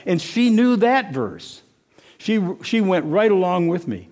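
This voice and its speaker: Man, lay preacher type, sermon told as a story, slightly high voice, stops and restarts often. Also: expressive, darkish tone. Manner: halting, repeats words and restarts often. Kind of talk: informal sermon with personal story.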